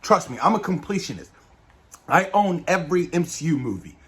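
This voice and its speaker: A man with a fairly high voice talks through a TV episode in a loose, excited spoiler review. He gushes, swears casually and keeps addressing his viewers, and his voice sinks low and quiet as his phrases trail off. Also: a little fast. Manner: enthusiastic, keeps saying "you guys", swears casually. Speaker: show reviewer.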